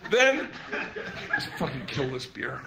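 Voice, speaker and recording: A man doing stand-up, telling a rambling, crude story in an animated way. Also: mid-range voice, slow. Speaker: stand-up comedian. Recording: loud noise over live room.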